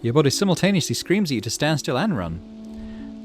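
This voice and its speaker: A man's voice: on the high side, big pitch swings, moderate pace, music in the background. A man hosting a game playthrough, reading the game's text aloud and thinking through choices. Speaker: gaming channel host.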